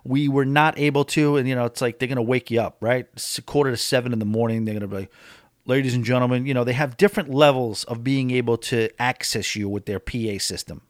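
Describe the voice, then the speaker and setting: A man's voice: mid-range voice, fast talker, hardly any pauses, no room sound, studio quality. A man vlogging about a cruise in a casual, opinionated monologue, talking with emphasis.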